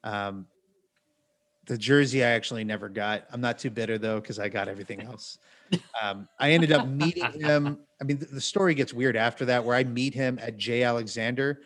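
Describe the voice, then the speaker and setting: A man's voice: mid-range voice, a little fast, fairly bright tone. Wry man rambling through a story. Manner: rambling, with self-corrections and asides; wry, self-mocking. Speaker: podcast co-host. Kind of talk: casual storytelling.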